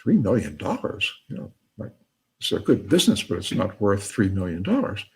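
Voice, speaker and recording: A man's voice: on the low side, big pitch swings, moderate pace, darkish tone. A man voicing a nervous, disbelieving ordinary shopkeeper in a joke. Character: ordinary anxious male shopkeeper.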